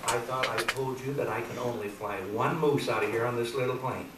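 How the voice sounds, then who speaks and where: A man's voice: medium pitch, fairly even intonation, a little fast, fairly bright tone, slight background noise, close to an everyday voice. A man playing a fussy male bush pilot who scolds his passengers. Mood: scolding. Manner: scolding, exasperated. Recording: echoey hall from far off.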